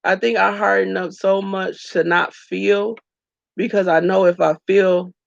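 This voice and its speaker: A woman's voice: medium pitch, flat delivery, unhurried, vocal fry, dry recording, muffled recording. A woman vlogger speaking candidly and tearfully to her viewers, calling them y'all, in an emotional personal vlog.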